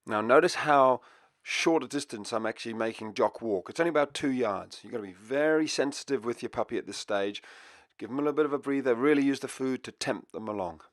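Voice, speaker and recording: Man, dog trainer, steady teaching tone, mid-pitched voice, dry close sound. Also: a little fast, no echo. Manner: relaxed explanatory teaching. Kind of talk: instructional video narration. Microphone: voice-over for part.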